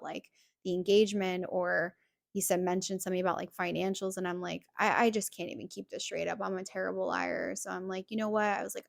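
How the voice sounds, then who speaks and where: A woman hosts a confessional podcast and walks through a personal story in casual, candid speech full of "like" and replayed conversations. Her mid-range voice has a gravelly, creaky edge, and the recording is dry, with no room sound. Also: medium pitch, dry recording. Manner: candid, recounts dialogue with frequent "like" and "I'm like". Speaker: podcast host.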